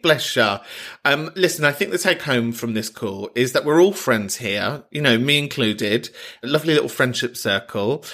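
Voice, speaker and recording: A man's voice: mid-range voice, animated, normal speed, bright, forceful tone. A man hosting a podcast, answering listener voice notes with mock-grumpy sarcasm and lots of swearing. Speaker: podcast host. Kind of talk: comic reply to voice notes.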